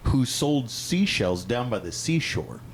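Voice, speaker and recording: A man's voice: mid-range voice, sing-song, a little slow, a crowd in the background, low-quality recording. A man co-hosting a comedy podcast, riffing playfully and stumbling through tongue twisters. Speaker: podcast co-host. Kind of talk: casual comedy banter.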